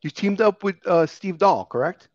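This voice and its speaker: A man's voice: high voice, lively intonation, moderate pace, no room sound. A man hosting a casual interview, eager and chatty as he tells his own stories. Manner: eager and chatty, laughs along. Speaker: podcast host. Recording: dull lo-fi, dry.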